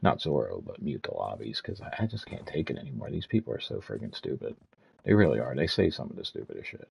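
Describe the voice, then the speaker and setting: A man's voice: extremely low pitch, big pitch swings, quick pace, gravelly, breathy edge, highs cut off. A man in his fifties streaming a game, ranting and swearing as he tells stories in casual chat. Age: 50s. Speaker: gaming streamer.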